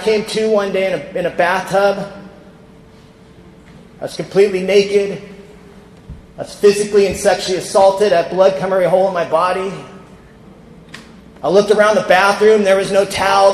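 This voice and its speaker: A man from California stands before a convention crowd and tells his recovery story in a candid storytelling way, acting out the voices he quotes. His voice sits fairly high for a man. The sound carries the long reverb of a big, echoey hall. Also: fairly even intonation, moderate pace, long pauses, a little hiss or hum. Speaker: recovery speaker. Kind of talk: personal recovery talk at a convention.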